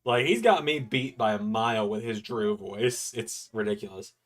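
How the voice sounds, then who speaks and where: A man hosting a live stream, chatting casually with quick, joking asides as he reacts. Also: fairly low pitch. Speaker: streamer host.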